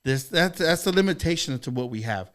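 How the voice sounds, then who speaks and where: A man's voice: a little high, animated, a little fast, fairly bright tone. Profane, rambling man telling stories. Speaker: podcast co-host. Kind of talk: casual storytelling chat.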